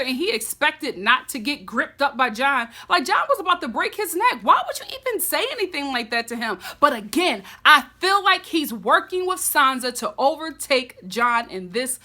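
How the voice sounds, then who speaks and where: Woman vlogger, high bright voice, animated, casual recap host. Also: moderate pace, few pauses. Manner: expressive, animated storytelling.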